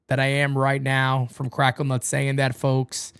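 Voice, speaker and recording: A man's voice: medium pitch, monotone, measured pace, gravelly, hardly any pauses, fairly bright tone, clear, resonant tone. A man hosting a live fan watch party, calling the plays and chatting with viewers in a playfully melodramatic way that repeats phrases. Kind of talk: live fan play-by-play and chat.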